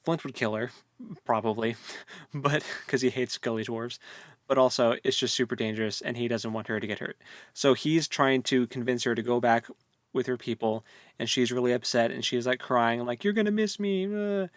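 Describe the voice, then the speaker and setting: A man's voice: mid-range voice, fairly even intonation, normal speed, dry recording. Guy rambling casually on a book podcast, laughs a lot, dry close mic. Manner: rambling, chatty, laughs often. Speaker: podcast co-host.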